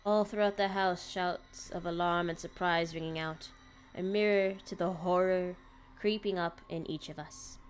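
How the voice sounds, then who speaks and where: A woman's voice: on the low side, fairly even intonation, moderate pace, a little hiss or hum. A woman streamer reading a visual novel aloud dramatically, breaking off with laughing asides.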